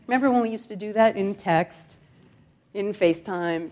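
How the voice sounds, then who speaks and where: Woman spiritual teacher, expressive sermon delivery, slow emphatic repetition. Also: mid-range voice, dull audio. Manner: expressive, swings from soft to loud. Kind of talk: sermon with storytelling.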